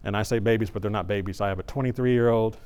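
A middle-aged man preaches at a church service, sharing a personal story in a conversational, animated style and often restarting. His voice is on the low side, smooth, and fast.

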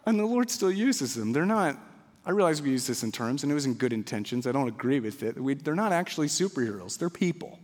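A man preaching a sermon, telling a story, swinging from loud bursts to quiet asides. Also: medium pitch, sing-song, quick pace, big-room sound. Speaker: pastor. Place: church.

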